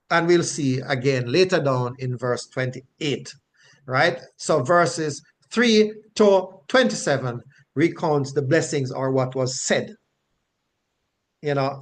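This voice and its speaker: A man teaching the Bible verse by verse, explaining patiently, often checking in with "right?" and spelling out Hebrew words letter by letter. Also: medium pitch.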